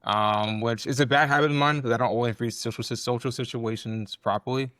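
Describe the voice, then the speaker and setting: A young man in his twenties talks bluntly on a podcast in a rambling, casual way, full of fillers. His voice is mid-pitched and recorded close and dry. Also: fairly even intonation, a little fast, fairly bright tone, no echo. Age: 20s. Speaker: podcast co-host.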